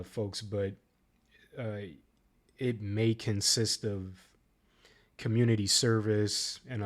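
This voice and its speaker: A man with a lowish voice talks through a reaction video in a loose, casual way. He stops often with ums and uhs and restarts his sentences. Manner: halting, many ums and uhs. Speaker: reaction channel host.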